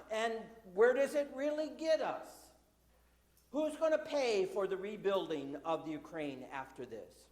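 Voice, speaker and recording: A woman's voice: on the high side, darkish tone. Conversational woman preacher, echoey church. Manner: asks the congregation rhetorical questions; sarcastic asides. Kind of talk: conversational sermon. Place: church sanctuary. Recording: echoey church with long reverb.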